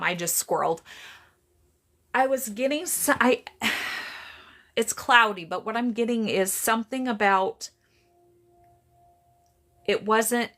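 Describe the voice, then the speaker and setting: On a live stream, a woman gives psychic readings in a mid-range voice with vocal fry and a bright, forceful tone. She's chatty and rambling, restarting often and stopping to greet viewers by name.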